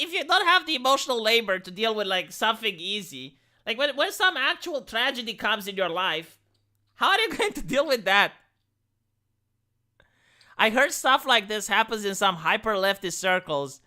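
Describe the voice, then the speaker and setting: A man's voice: high voice, bright, forceful tone. A man from Romania doing casual commentary on a live stream, stammering through restarts and lots of filler words. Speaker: live streamer reacting to a video.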